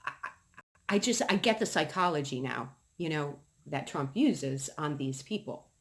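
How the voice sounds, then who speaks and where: Woman from New England, casual ranting vlogger, emphatic and swearing, lively voice. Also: sits low, a little slow. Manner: heated, profane, emphatic ranting.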